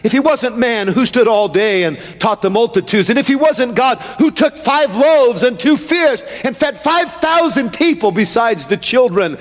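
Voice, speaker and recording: A man's voice: very high voice, expressive, normal speed, hardly any pauses, big-room sound. A male preacher delivering a sermon with a rhythmic build that swells into a sing-song chant.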